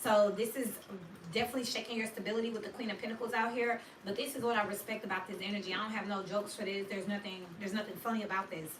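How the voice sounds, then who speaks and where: A woman giving a casual, slangy tarot reading for her viewers, chatty and animated. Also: mid-range voice, fast, reverberant, recorded from a distance, noisy background. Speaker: tarot reader.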